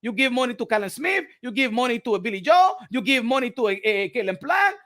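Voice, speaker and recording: A man's voice: very high-pitched, lively intonation, fast, hardly any pauses, bright, forceful tone. A man hosting a boxing commentary show, ranting in a heated, profane and mocking way, often breaking into laughter. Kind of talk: opinionated rant to camera.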